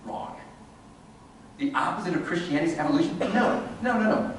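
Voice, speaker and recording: A man's voice: a little high, brisk, long pauses, slight background noise. A man giving a humorous, sarcastic lecture to an audience. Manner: sarcastic, animated. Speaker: speaker giving a talk to an audience. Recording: echoey hall, distant mic.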